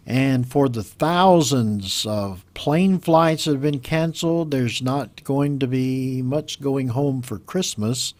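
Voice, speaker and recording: A man teaches English words at a steady middle pitch, going slowly and saying each word more than once. His voice is recorded close and dry, with no room sound. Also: no room sound. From United States. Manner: slow, patient explanation with repeated model words. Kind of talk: teaching vocabulary from a news story.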